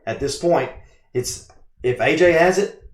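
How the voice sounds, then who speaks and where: A man hosting a casual stream chat, telling family stories in a lively way. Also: fairly high pitch, a little slow, echoey room. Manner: lively storyteller, laughs often. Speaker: streamer host.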